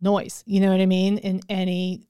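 A middle-aged woman co-hosting a podcast, telling a story in a casual, animated way, laughing and acting out the lines she quotes. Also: medium pitch, moderate pace, clean tone, dry recording. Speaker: podcast co-host.

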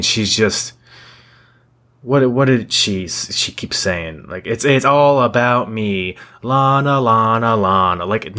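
A man's voice: deep voice, a bit bright. A young man co-hosting a podcast, ranting in blunt, profane casual chat, full of restarts. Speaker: podcast co-host.

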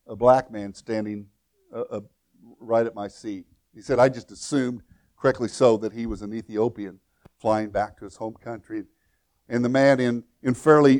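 A male pastor preaches to his church in a storytelling sermon. He stumbles and repeats words as he goes. His voice climbs high and loud at exciting moments, then sinks low and quiet for the solemn ones. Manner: storytelling with frequent repetitions and restarts, swinging from loud to hushed.

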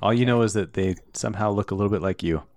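A man narrating a tabletop game as game master, relaxed and quick to laugh. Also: lowish voice, no room sound.

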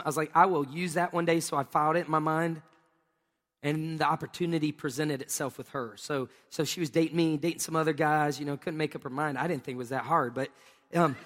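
A man preaching a sermon with a notably high voice, full of lively, playful storytelling. He acts out scenes with exclamations as he talks. His words ring out with the long reverb of a large hall. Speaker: pastor. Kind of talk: sermon with humorous personal storytelling.

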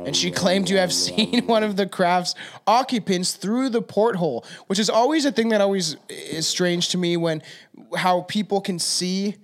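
A man's voice: sits high, normal speed. A young man co-hosting a casual podcast, rambling loosely and swearing freely as he tells a story. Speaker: podcast co-host. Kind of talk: casual stoner podcast chat.

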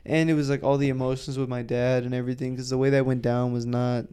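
Man, podcast co-host, casual profane storytelling, mellow, smooth voice. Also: medium pitch, fast talker. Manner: profane, animated storyteller who acts out quotes loudly.

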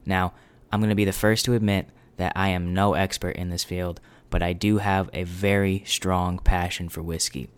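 A man in his twenties from New England hosts a podcast intro, upbeat and self-deprecating. His voice sits a little low and sounds smooth and clear. He talks in a loose, chatty way. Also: flat delivery, normal speed. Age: 20s. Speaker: podcast host.

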